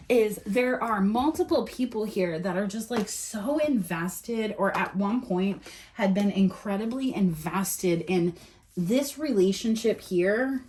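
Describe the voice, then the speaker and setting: A woman doing a casual tarot reading, chatting and thinking aloud as she turns and reads the cards. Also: medium pitch. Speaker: tarot reader.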